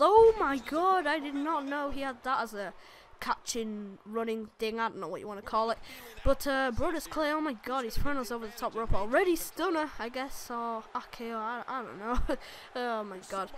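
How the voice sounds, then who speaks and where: High voice, excitable woman, gaming commentary, frequent exclaims and laughs. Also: normal speed. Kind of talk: wrestling video game let's play commentary.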